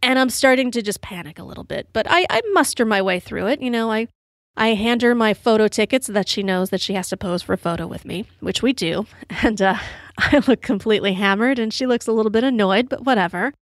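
A woman's voice: fairly high pitch, a little fast, no echo. Lady podcaster, a little tipsy, rambly and chatty, dry close sound. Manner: chatty, rambling, many "you know" fillers, laughs at own story. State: tipsy from drinking. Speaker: podcast host. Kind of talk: casual storytelling monologue.

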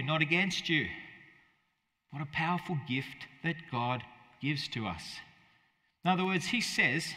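A man's voice: fairly high pitch, expressive, unhurried, long pauses, sharp tone, big-room sound. A man preaching a conversational sermon as pastor, often asking his listeners rhetorical questions.

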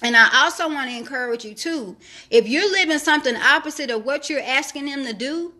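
Lady preaching a devotional, high bright voice, keeps repeating lines to drive it home. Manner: exhorting, repeats key phrases for emphasis; reads scripture aloud, then comments on it. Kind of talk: sermon-style devotional teaching.

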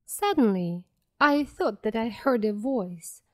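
Woman reading a story for learners real slow, clear and careful, kinda high voice. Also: lively intonation. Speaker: audiobook narrator. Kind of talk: slow graded-reader narration for learners.

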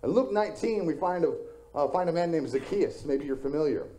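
A man's voice: on the high side, lively intonation, brisk, warm tone, a little hiss or hum. A male pastor preaching a sermon in a conversational storytelling way, slipping in self-deprecating jokes.

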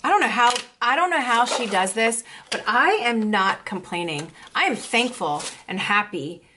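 Young female beauty vlogger, bright and excitable, with a high voice that jumps around a lot. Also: moderate pace, noisy background. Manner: gushing, excitable. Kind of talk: casual unboxing chat.

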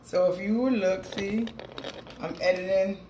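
A middle-aged woman chats in a loose, rambling vlog style, talking to her viewers as "people." Her voice sits at an ordinary pitch for a woman. The room around her sounds echoey, with a faint hum behind it. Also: fairly even intonation, a little slow, dark tone. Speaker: vlogger. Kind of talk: casual mukbang vlog chat. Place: room at home. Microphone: phone with small clip-on mic.

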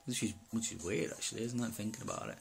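A man from Wales recounting a personal experience in a rambling, halting way, full of fillers and asides. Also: on the low side, creaky, faint music behind. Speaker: personal testimony speaker.

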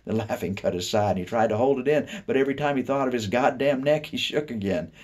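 Appalachian-raised guy reading a short story, low and a bit husky, goes quiet for the thinking parts. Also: fast. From Appalachian United States. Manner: expressive reading that drops soft and low for inner thoughts. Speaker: reader.

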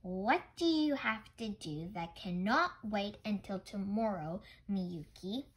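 A woman's voice: medium pitch, animated, takes it slowly, husky, rough recording. Patient old grandfather, read by a woman. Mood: coaxing. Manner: coaxing, repeating gently.

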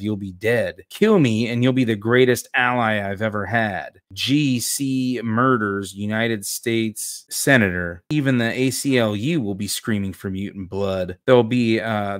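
A man's voice: lowish voice, a bit bright, dry recording, studio quality, close to an everyday voice. A man voicing a defiant middle-aged male senator who blusters at his attackers.

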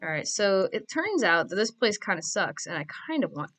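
A woman's voice: mid-range voice, sing-song, normal speed, hardly any pauses, fairly bright tone. A woman giving casual, playful commentary while playing a game, joking and giggling to herself. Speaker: Minecraft player.

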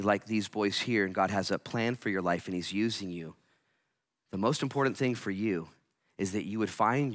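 A male pastor preaching a sermon, swinging from hushed lines to loud, energetic outbursts and acting out voices. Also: on the low side. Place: church.

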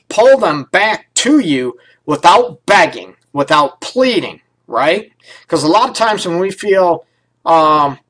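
A male counselor giving relationship advice on his radio show, in a loose, conversational way. His voice sits a touch higher than most men's. He keeps checking in with "right?" and "you know" and is not shy about a mild curse. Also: a bit bright, poor audio. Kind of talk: casual radio advice talk.

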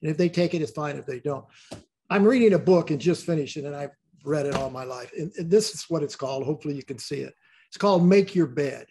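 A man's voice: fairly high pitch, fast, mellow, a little hiss or hum. An older man talking as a guest in a casual interview, rambling and repeating words as he tells stories.

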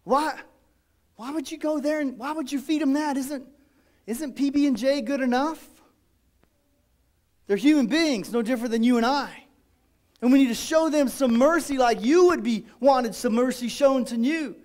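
A man preaching a sermon as pastor, lively and dramatic, acting out the voices of his congregation. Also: extremely high pitch, normal speed.

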